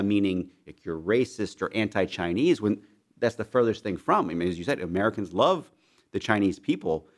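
A young man with a very low, deep voice speaks as an interview guest. He talks earnestly and keeps restarting his phrases. His delivery is serious. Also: animated, brisk. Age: young adult. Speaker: foundation leader, guest. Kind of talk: interview discussion.

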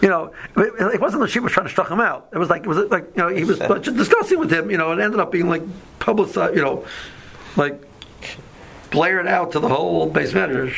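A man's voice: sits high, lively intonation, brisk, gravelly, a bit bright, low-quality recording. A man giving a casual Torah lesson, telling stories with many fillers and mixing in Hebrew and Yiddish terms. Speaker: yeshiva teacher.

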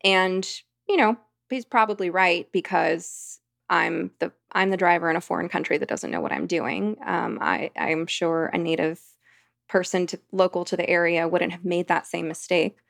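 A woman's voice: fairly low pitch, moderate pace, gravelly, fairly bright tone, no room sound, clean studio sound. A woman, a podcast guest, telling a long personal anecdote in a rambling, vivid conversational way. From United States. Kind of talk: storytelling in conversation.

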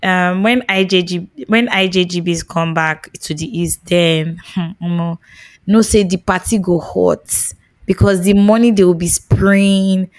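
Nigerian woman, expressive podcast chat. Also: fairly low pitch, unhurried, no room sound. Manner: expressive, mixes Nigerian Pidgin into English. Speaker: podcast co-host. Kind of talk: casual chat.

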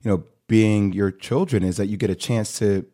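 A male host with a fairly low voice, chatting with a guest. He is candid and enthusiastic, opening up about his own life as he asks questions. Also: normal speed, dark tone. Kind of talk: casual interview chat.

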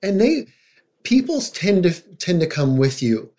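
Middle-aged man explaining calmly. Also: high-pitched, unhurried. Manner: conversational, acts out quoted voices. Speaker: child psychologist guest. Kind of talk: casual podcast conversation.

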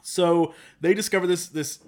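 A man co-hosting a casual podcast, recapping a movie with sarcastic, animated storytelling and mock quotes. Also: high voice, normal speed. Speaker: podcast co-host.

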